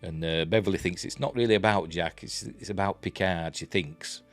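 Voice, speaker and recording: With quiet music faintly in the background, a deep-voiced Yorkshire man talks through a TV episode at a moderate pace in a casual spoken review. He rambles easily, repeatedly reaching for "um" and "you know."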